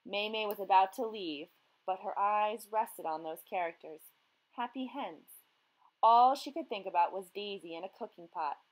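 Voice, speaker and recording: A woman's voice: medium pitch, normal speed, poor audio. A woman teacher reading a children's story aloud expressively, then asking young readers questions.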